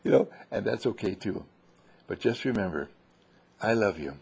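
Gravelly man telling a bedtime story. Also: fairly low pitch, normal speed, a little hiss or hum. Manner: gentle, animated, with restarts.

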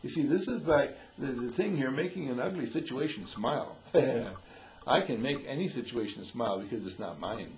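A man's voice: mid-range voice, normal speed, low-quality recording. A man, the dean of a school, giving a folksy inspirational talk, chuckling often and acting out the people he quotes. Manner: chuckling often, animated, acts out quoted voices.

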